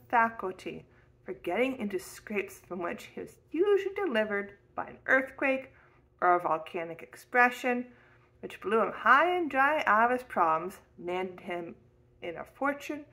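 A woman reading a classic novel aloud in a steady, expressive storytelling manner. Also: mid-range voice, vocal fry, rough recording. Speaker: audiobook reader.

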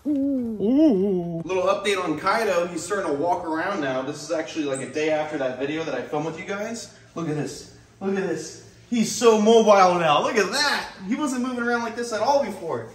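Excitable man cooing at animals. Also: sits high, fairly quick. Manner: excitable, coos baby talk to animals. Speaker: wildlife keeper and vlog host. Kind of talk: casual vlog narration while working with animals.

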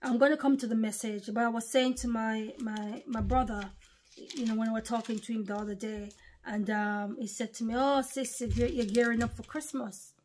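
A woman's voice: a little high, flat delivery, a little fast, a little mellow, slight background noise. A woman, preaching an informal online sermon in an impassioned, repetitive, emphatic way. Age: 40s.

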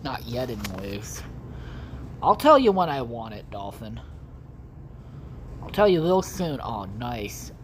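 A woman's voice: very deep voice, sing-song, slow, long pauses, a little hiss or hum. A woman casually commenting on her own gameplay for viewers, rambling and swearing often. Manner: foul-mouthed, rambling, talks to viewers. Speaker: gaming video host. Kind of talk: casual let's-play commentary.

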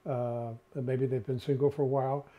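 A man's voice: medium pitch, level tone, brisk. An older man with a New York accent, co-hosting a casual chat, rambling with many filler sounds. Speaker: co-host. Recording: dull lo-fi sound.

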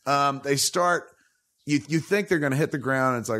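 A man hosts a podcast in a loose, swearing, jokey style, his voice sitting at an everyday middle pitch. He tells stories with animated emphasis and plenty of asides. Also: moderate pace. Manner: profane, joking, animated storytelling. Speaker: podcast host. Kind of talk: casual podcast chat.

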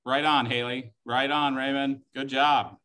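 Bright-voiced chatty wine tasting host. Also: male voice, medium pitch, flat delivery, unhurried, smooth. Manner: chatty, joking, enthusiastic. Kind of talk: live-streamed wine tasting class.

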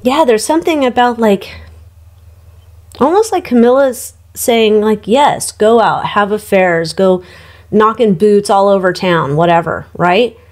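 Chatty woman, irreverent tarot reader, mid pitch, gossipy asides. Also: measured pace. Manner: gossipy, irreverent, frequent ums and laughs. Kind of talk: casual chatty tarot reading.

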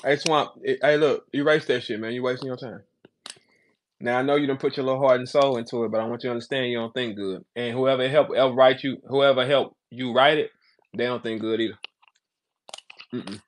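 A man's voice: medium pitch, fairly even intonation, brisk. A man hosting a casual talk show, taunting and mocking someone in profane slang. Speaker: show host. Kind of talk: casual trash-talk commentary.

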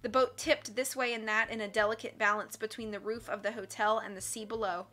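A woman reading a storybook aloud in a measured, expressive way, with faint music behind. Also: fairly high pitch. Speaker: audiobook reader. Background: faint background music.

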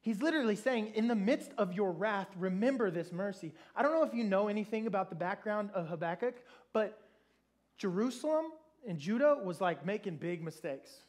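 A man with a notably high voice preaches a sermon to a room. He talks casually and animatedly, acting out dialogue and tossing in playful asides as he goes. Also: lively intonation, normal speed.

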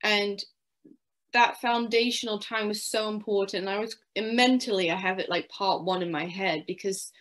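A woman with a British accent speaks as a guest in an interview, telling her faith story in an earnest, steady voice. Her pitch sits in a middle range, and she often slips into quoting her own past words. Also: moderate pace. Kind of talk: personal faith testimony in an interview.

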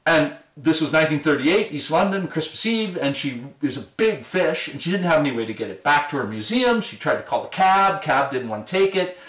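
A man's voice: a little high, expressive, fairly quick, few pauses, fairly bright tone. Enthusiastic male professor in a roomy space. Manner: enthusiastic storyteller, acts out quoted voices. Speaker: university biology professor. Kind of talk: recorded online lecture. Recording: roomy, distant mic.

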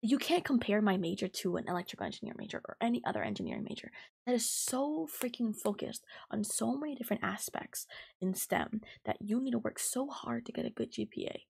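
A woman in her twenties hosting a podcast, venting heatedly and profanely about a coworker, talking fast with lots of fillers. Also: a little high, big pitch swings, creaky, darkish tone, breathy edge. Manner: fast and emphatic. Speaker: podcast host. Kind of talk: ranting storytime podcast.

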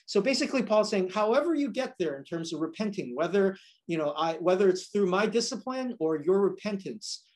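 Man, priest, Bible class lecture, lively pitch, casual asides, explaining step by step. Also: brisk. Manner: explanatory, many fillers and "right?" asides. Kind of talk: lecture with scripture reading.

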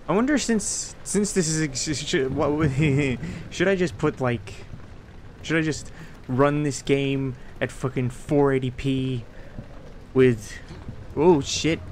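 A man giving casual let's-play commentary, swearing a lot, excitable, and talking to himself as he plays. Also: on the high side, a little hiss or hum. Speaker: gameplay streamer.

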